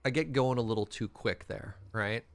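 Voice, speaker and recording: A young man from Western Canada chatting casually while streaming a game, quick to laugh and reading out chat. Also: medium pitch, creaky. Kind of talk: casual gameplay livestream chat.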